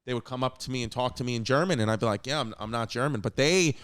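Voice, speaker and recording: A man's voice: medium pitch, quick pace, fairly bright tone. A man hosting a podcast, chatting casually and cracking teasing jokes with his guest. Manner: jokey, teasing, playful interjections. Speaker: podcast host.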